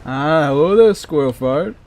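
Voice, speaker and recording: A man's voice: fairly high pitch, expressive, normal speed, darkish tone. A man streaming a modded game, chatting with his viewers and joking as he plays. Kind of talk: casual gameplay commentary.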